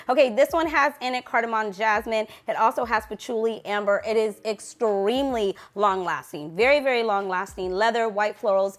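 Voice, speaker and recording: A young woman reviewing perfumes in a casual vlog, gushing and playful, lingering over sensual words. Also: medium pitch. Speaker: fragrance reviewer.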